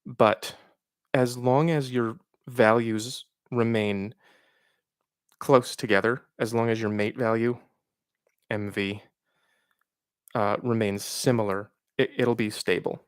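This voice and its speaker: A man hosting a live question-and-answer stream, reading out viewer questions and giving frank, reflective advice with pauses and fillers. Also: medium pitch, steady tone, clear, resonant tone, no room sound, clean studio sound. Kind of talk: casual livestream Q&A.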